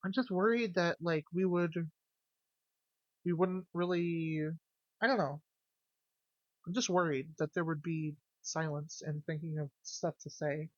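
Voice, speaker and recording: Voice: medium pitch, fairly even intonation, measured pace, long pauses, no echo, muffled recording. A streamer chatting casually with viewers, jokey and loose, swearing freely. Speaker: game streamer.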